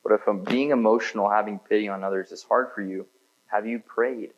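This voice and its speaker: A man's voice: fairly low pitch, brisk, muffled recording. A man giving a sermon in a church, preaching in a casual, conversational way with frequent filler words. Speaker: pastor.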